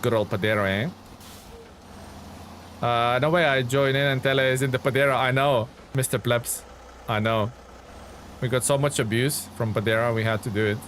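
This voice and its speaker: A man's voice: mid-range voice, moderate pace, pauses often, fairly bright tone, slight background noise. A young man streaming a driving game, chatting casually and answering viewers' comments as he plays. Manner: chatty, reads chat aloud and answers viewers.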